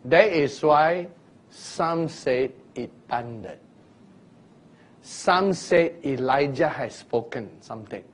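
A man delivers a Bible teaching at an unhurried pace. His voice sits slightly high, and he often asks his listeners questions. Now and then he bursts into loud sound effects to illustrate a point. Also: expressive. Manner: slow, deliberate teaching with sudden loud vocal illustrations. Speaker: preacher.

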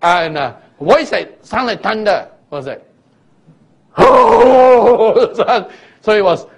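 A man teaching a Bible sermon in an unhurried, deliberate way, pausing to quiz his listeners and breaking into sudden loud sound illustrations. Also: high-pitched, lively intonation. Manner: asks listeners questions directly. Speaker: preacher.

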